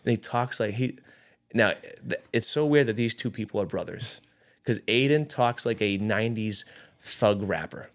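A man around forty with a low, gravelly voice, spinning a lively story in relaxed chat. He jumps into quick impressions of the people he talks about. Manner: animated storytelling, acting out others' lines. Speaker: podcast guest storyteller. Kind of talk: casual chat.

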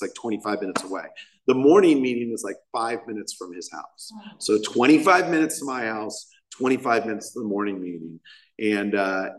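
A man in his thirties sharing his recovery story from a podium, rambling and self-mocking, with lots of fillers. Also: on the low side. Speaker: recovery meeting speaker. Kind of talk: personal story at a recovery meeting. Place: meeting hall. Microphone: podium microphone.

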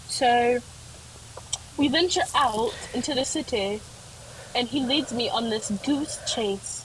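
A woman's voice: a little high, slow pace, a little hiss or hum, rough recording. A young woman co-hosting a podcast in casual chat, telling rambling stories with many fillers. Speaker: podcast co-host.

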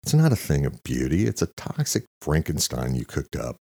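A man voicing a captive tough guy who talks calmly and flatly with cutting sarcasm, in a very deep, dark voice. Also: moderate pace, vocal fry, slightly rough, dry recording, studio quality, exaggerated voice.

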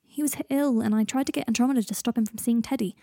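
A woman's voice: fairly high pitch, steady tone, quick pace, warm tone, dry recording, clean studio sound. A woman voicing an anxious, earnest young man who stammers in a story reading. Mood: flustered. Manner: stammering, flustered.

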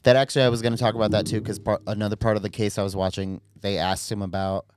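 A man co-hosting a casual podcast chat, excitable and swearing a lot, his voice jumping up when he gets worked up. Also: on the low side, racing. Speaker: podcast co-host.

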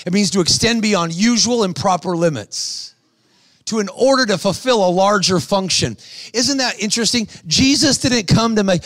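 A man's voice: high-pitched, moderate pace, dry recording. A man preaching a sermon, telling stories with acted-out voices and exhorting the crowd. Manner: animated storytelling, acts out quoted voices.

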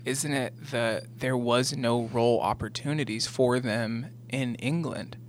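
Young man, casual podcast chat, animated, swears a lot. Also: mid-range voice, unhurried, slight background noise. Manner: animated, profane storytelling with put-on quotes. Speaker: podcast co-host.

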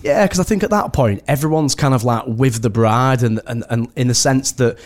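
A man's voice: medium pitch, moderate pace, darkish tone. A man from the UK, a wedding host, chatting casually as a podcast guest in a rambling way full of restarts. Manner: rambling, many restarts and "do you know what I mean".

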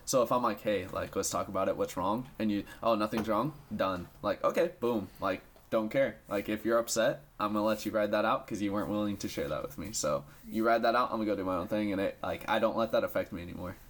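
A man's voice: fairly low pitch, fast, few pauses. A man talking bluntly in a casual podcast chat, swearing freely.

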